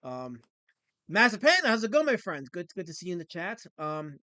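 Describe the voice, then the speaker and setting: A man hosts a casual livestream and answers viewer comments with sarcastic, mock-offended rants. His voice sits high for a man, and the sound is dry and close. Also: big pitch swings, brisk, pushed and bright, no echo. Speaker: livestream host.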